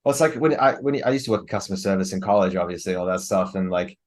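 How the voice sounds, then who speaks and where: A low-pitched man talks in a relaxed, casual way. His speech is loose and full of fillers, like a friend rambling over coffee. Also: rapid-fire. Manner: relaxed, heavy use of "like" fillers. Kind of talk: casual chat.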